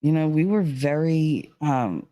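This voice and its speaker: A woman's voice: deep voice, lively intonation, slow, warm tone, no room sound. A woman telling a personal story in a casual, rambling way, full of "like" and "you know.". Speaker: vlogger.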